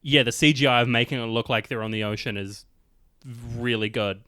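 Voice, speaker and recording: Bright-voiced young man, rambling chat. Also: mid-range voice, brisk, clear, resonant tone, no room sound, clean studio sound. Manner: rambling, many "like" fillers, laughs often. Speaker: podcast co-host. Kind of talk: casual chat.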